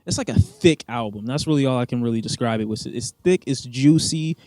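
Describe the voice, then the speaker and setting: Male music reviewer, mid pitch, blunt and playful, dry close-miked read. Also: fairly quick, no room sound. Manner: blunt, joking, swears freely, animated bursts. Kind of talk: casual music review vlog.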